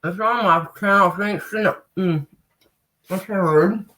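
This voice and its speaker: A woman's voice: medium pitch, slow pace, fairly bright tone, a little hiss or hum. An American woman chatting casually on a live stream, swearing freely and talking straight to her viewers. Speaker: vlogger.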